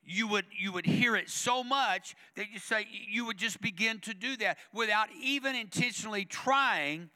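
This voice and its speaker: Bright-voiced preacher. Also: male voice, high voice, moderate pace, few pauses, in a large hall. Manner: conversational, emphatic preaching with repetition. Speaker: pastor. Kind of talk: sermon. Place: church sanctuary.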